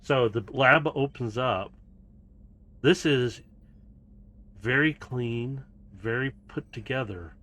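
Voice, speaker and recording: A man's voice: medium pitch, slow pace, pauses often, a bit bright. A man narrating and running a tabletop role-playing game as game master, in a casual, storytelling manner with laughs.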